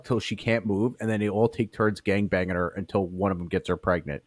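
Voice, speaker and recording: A low-pitched man talks into a studio mic with a dry, close sound. He is profane and animated, a casual storyteller who drops into impressions of the people in his tales. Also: brisk, no echo. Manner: profane, animated storyteller doing voices of coworkers. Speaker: podcast co-host. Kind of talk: crude casual chat and storytelling.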